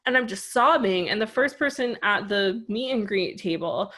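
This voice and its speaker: A woman's voice: a little high, big pitch swings, moderate pace, hardly any pauses, fairly bright tone. Chatty woman rambling with "like". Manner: rambling storyteller, heavy use of "like". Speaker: podcast co-host. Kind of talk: casual podcast chat.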